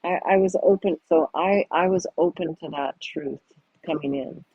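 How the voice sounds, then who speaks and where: A woman's voice: low-pitched, husky, dry recording, dull audio. A woman guest, a yoga teacher and coach, talking thoughtfully in an interview, often restarting her sentences. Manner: thoughtful, halting, with frequent restarts. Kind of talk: reflective interview talk.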